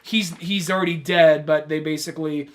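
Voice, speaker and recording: A man's voice: fairly high pitch, steady tone, moderate pace. A man co-hosting a podcast in casual chat, rambling and swearing as he recounts a movie. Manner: rambling, profane, acts out quoted lines loudly. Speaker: podcast co-host.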